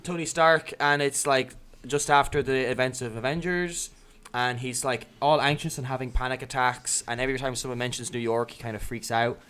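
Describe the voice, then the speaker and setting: Brief: male podcast host, casual and profane, sarcastic, bright and forceful tone. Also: mid-range voice, steady tone, normal speed, smooth. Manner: sweary, sarcastic, mocks characters in put-on voices.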